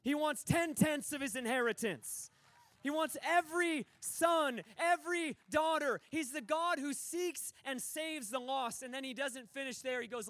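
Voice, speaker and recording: A man's voice: very high voice, measured pace, a bit bright, no room sound. A middle-aged man preaching a passionate, emphatic sermon, acting out the quoted dialogue from the stories he tells. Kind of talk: conference sermon.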